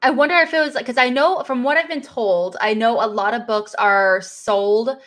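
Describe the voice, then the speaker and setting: Relaxed, sleepy-sounding woman co-host. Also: on the high side, moderate pace. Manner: relaxed, hesitant, sleepy and yawning. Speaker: podcast co-host. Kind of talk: casual movie discussion.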